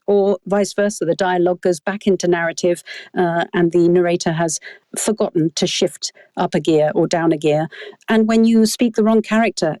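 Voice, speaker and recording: A woman's voice: fairly low pitch, mellow, no echo. Articulate woman hosting, dry close sound. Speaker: podcast host. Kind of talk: casual interview chat.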